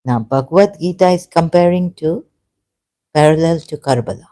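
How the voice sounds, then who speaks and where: Meandering speaker with a mellow voice. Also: medium pitch. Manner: meandering and halting, with many self-corrections; earnest, grows emotional and emphatic. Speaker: religious commentator. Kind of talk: unscripted personal monologue.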